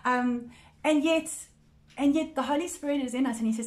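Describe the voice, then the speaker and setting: A woman's voice: high voice, moderate pace, darkish tone. Earnest woman teaching a Bible study. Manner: earnest, repeats words often, checks in with listeners. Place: church women's group meeting.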